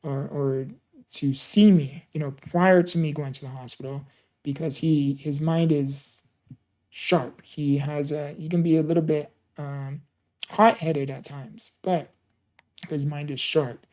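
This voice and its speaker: Halting, earnest man telling his story. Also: on the high side, fairly even intonation, a little mellow. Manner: halting, repeats and restarts words; earnest, emotional retelling. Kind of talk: personal storytelling.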